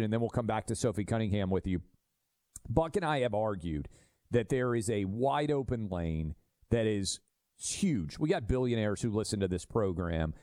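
A man's voice: on the low side, darkish tone, no echo, clean studio sound. A man hosting a talk show, speaking emphatically and asking his guest leading questions. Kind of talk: radio talk show discussion.

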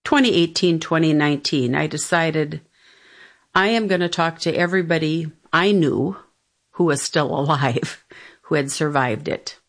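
A woman's voice: low-pitched, a little slow. A middle-aged woman, telling a personal family story in a reflective, conversational way. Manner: reflective, conversational, quotes others' words. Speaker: interviewee.

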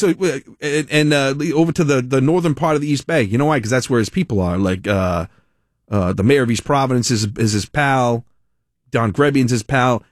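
A middle-aged man hosting a talk show, telling stories in a chatty, animated way and laughing often. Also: medium pitch, no echo, clean studio sound. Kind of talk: casual talk-radio storytelling.

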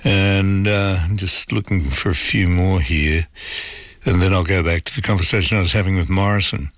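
A man's voice: low voice, moderate pace, a bit bright, no echo. A man hosting talkback radio, reading out listener messages and answering them in a casual, musing way with plenty of ums and uhs. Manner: reads texts aloud, then replies casually with fillers.

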